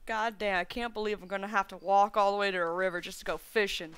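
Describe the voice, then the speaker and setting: A woman's voice: medium pitch, fairly even intonation, fast talker, fairly bright tone, clean tone. A woman streamer giving live gameplay commentary, thinking aloud and rambling to herself with playful folksy slang.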